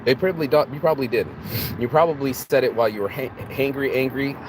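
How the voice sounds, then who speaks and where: A man's voice: mid-range voice, quick pace. A man giving an unscripted motivational talk, asking rhetorical questions and often restarting his words. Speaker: motivational vlogger. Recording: outdoor traffic noise.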